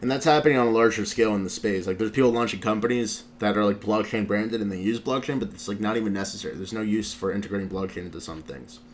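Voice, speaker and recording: A man's voice: fairly low pitch, fast talker, hardly any pauses, slight background noise. A male show host in casual commentary, recapping a video in a rambling way with lots of filler words. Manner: rambling, heavy use of "like" fillers.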